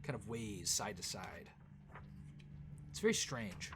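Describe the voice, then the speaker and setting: A man's voice: on the low side, lively intonation, takes it slowly, over music. A man narrating a tabletop role-playing game as game master, in a casual, descriptive way with frequent fillers.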